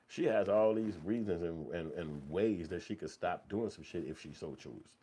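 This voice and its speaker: A man's voice: low voice, moderate pace, few pauses, mellow, a little hiss or hum. A man giving heated, profanity-laden commentary in a blunt, repetitive rant.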